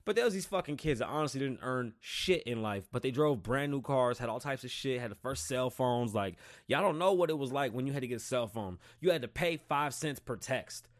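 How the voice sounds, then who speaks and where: A man in his thirties hosting a casual monologue, telling stories in a profane, animated and rambling way. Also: medium pitch, brisk, few pauses. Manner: rambling, digressive. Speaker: podcast host.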